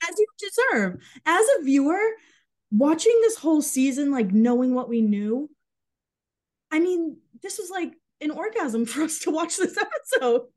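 A woman guest on a podcast, chatting casually and adding quick wry remarks. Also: high voice, big pitch swings, a little mellow. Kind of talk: casual chat.

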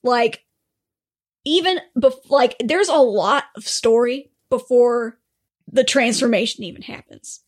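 A woman co-hosts a podcast, chatting casually in a rambling way and swearing freely. Her voice is fairly high and slow.

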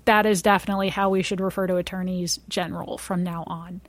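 A woman's voice: fairly low pitch, flat delivery, fast talker. A woman co-hosting a casual podcast, running a trivia quiz with playful, teasing remarks.

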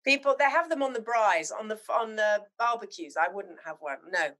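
A middle-aged woman from Zimbabwe, chatting as a podcast guest and telling animated, heartfelt stories. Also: mid-range voice, a little fast. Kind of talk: casual chat.

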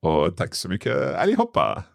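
A man hosting a language lesson podcast, slowly sounding out foreign phrases with hesitant fillers. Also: low voice, wildly swooping pitch, creaky, no room sound, studio quality. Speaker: podcast host and learner.

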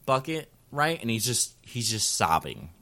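Crude, lively male podcast host. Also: mid-range voice, unhurried, a crowd in the background. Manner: crude joking, laughs often. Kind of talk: casual anime recap chat.

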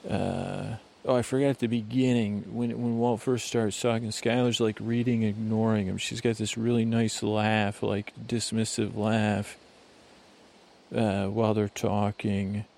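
Gravelly, flat-voiced man rambling a bedtime recap. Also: fairly low pitch, unhurried. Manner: meandering, digressive, with many fillers and restarts. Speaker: podcast host.

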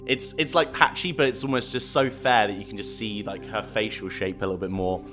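Low-voiced game master narrating. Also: male voice, brisk, music in the background. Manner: laughing, casual narration.

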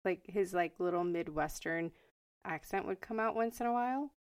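A woman's voice: fairly low pitch, moderate pace. A woman from Connecticut co-hosting a podcast, chatting bluntly and swearing casually. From Stamford, Connecticut. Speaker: podcast co-host. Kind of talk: casual chat.

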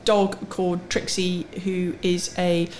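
Candid middle-aged woman, lowish voice. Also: little pitch movement, takes it slowly, a crowd in the background. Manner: candid and self-deprecating, with frequent restarts. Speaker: guest, sports series CEO. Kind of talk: casual podcast interview.

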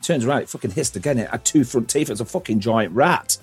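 A man's voice: medium pitch, animated, fast talker, slightly rough, soft background music. A man hosting a casual podcast, rambling through stories, swearing freely and laughing often. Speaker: podcast host.

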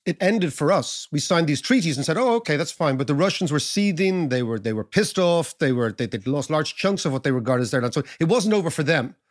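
Guy host, bit high voice, jokey and punchy questions. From Ireland. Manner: chatty, jokey, emphatic. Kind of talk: casual interview chat.

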